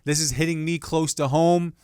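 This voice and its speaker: A young podcast host from Indiana rambles jokingly through the week's news and his sports teams in casual solo commentary. His voice is fairly high, steady, a little mellow, clear and resonant, at a moderate pace, recorded in a clean studio with no echo.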